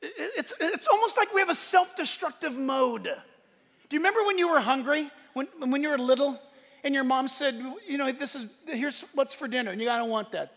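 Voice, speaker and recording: A middle-aged man preaching a sermon as a pastor, moving between loud, fervent exclamations and hushed storytelling. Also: extremely high pitch, normal speed. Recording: long hall reverb.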